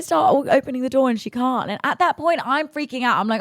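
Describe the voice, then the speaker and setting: A woman, a podcast host telling a story in an animated, emphatic way and swearing freely. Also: high voice, fast, no room sound, clean studio sound. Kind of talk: casual storytelling.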